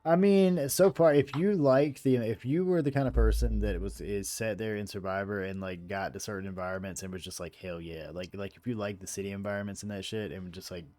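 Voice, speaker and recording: A man hosting a tabletop game over a voice call, rambling and low-key, often trailing off quietly. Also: steady tone, a little fast, few pauses, dry recording. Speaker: game master. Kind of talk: casual chat over voice call. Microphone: headset mic on a voice-chat call.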